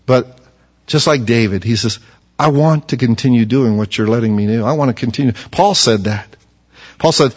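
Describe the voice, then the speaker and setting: A man's voice: mid-range voice, lively intonation, a little fast. A man preaching a sermon, reading scripture aloud and building to fervent emphasis. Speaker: pastor. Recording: dull lo-fi recording.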